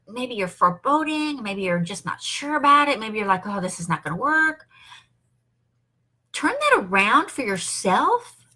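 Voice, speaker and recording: An older woman, a grandmother, speaks to camera in a motivational talk about her online business. Her voice sits high, bright and forceful, and she's enthusiastic, emphatic and upbeat.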